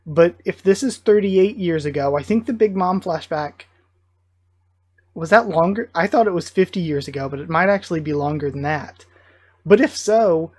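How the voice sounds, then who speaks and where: A man giving live reaction commentary, thinking aloud in an excited, musing way and often correcting himself mid-thought. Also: on the high side, no echo. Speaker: reaction video host.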